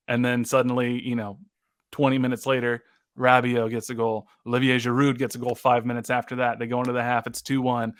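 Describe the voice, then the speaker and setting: A young man co-hosting a casual sports podcast, recapping soccer matches play by play with quick asides. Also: medium pitch, level tone, no echo, studio quality. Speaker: co-host.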